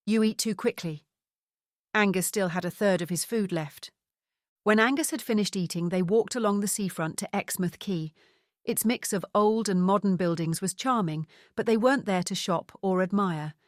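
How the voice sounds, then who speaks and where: A woman narrating an audiobook novel in an even, measured reading. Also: medium pitch, dry recording, clean studio sound. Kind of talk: scripted narration.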